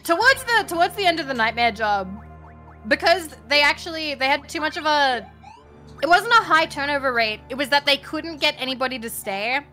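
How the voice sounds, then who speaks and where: A woman's voice: high-pitched, lively intonation, fairly quick, bright, forceful tone, faint music behind. A young woman telling stories in a casual stream chat, laughing often and acting out customers. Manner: chatty storyteller, laughs often, acts out customers.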